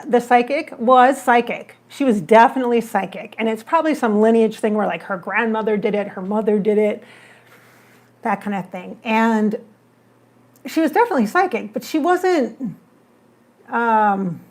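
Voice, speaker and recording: Psychic lady chatting on a livestream, a bit high-voiced, acts out what she said. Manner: animated, acts out her own remarks in the retelling. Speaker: psychic medium. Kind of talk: casual livestream storytelling.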